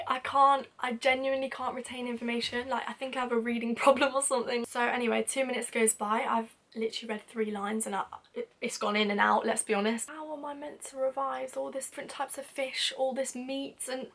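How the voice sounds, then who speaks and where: A young woman telling a funny story to camera in a casual, lively way, acting out what people said. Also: fairly high pitch. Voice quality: lively, acts out quoted lines with sudden whispers and laughs. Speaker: vlogger.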